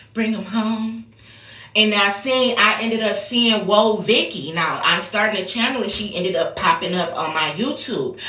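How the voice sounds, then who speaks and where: A bright-voiced American woman doing an off-the-cuff psychic reading in a chatty, profane style. She talks bluntly and keeps coming back to a sing-song refrain. The room is echoey. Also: mid-range voice. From United States. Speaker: psychic reader. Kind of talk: casual intuitive-reading vlog.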